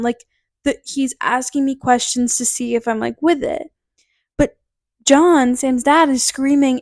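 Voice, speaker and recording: A young woman from Connecticut chats through a story on her podcast. Her voice sits slightly high, and her loose, filler-heavy delivery is broken by little laughs. The recording is dry and close, with no room sound. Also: steady tone, a little slow, darkish tone, no echo. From Connecticut, USA. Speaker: podcast host. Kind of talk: casual storytelling.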